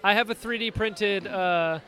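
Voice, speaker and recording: A man hosting a casual podcast, asking questions in a relaxed, chuckling way. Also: sits high, a little slow. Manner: easygoing, chuckling interviewer. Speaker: podcast host.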